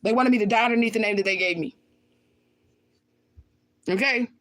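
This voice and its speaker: An adult woman with children hosts her own livestream, reading viewer comments aloud and answering them with blunt, profane outbursts, often repeating her lines. Her voice is a little high and a bit bright, at normal speed.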